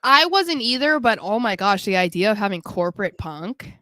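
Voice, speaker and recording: A woman's voice: mid-range voice, very animated, moderate pace, pushed and bright, no room sound. A woman co-hosting a podcast, chatting casually and rambling with lots of "like". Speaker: podcast co-host. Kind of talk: casual chat.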